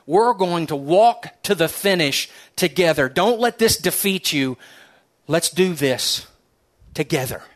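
A pastor delivering a sermon in a slightly high man's voice. He tells his story earnestly, then sinks into soft, hushed phrases to drive a point home. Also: animated, unhurried. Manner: earnest storytelling preacher, dropping to soft, hushed tones for emphasis.

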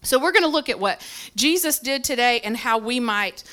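A woman's voice: a little high, normal speed. A woman pastor preaching to a congregation, telling a candid story about herself with frequent ums. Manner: lively, self-deprecating storytelling with many ums. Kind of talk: sermon. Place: church service. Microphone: handheld or stage mic with feedback when moving.

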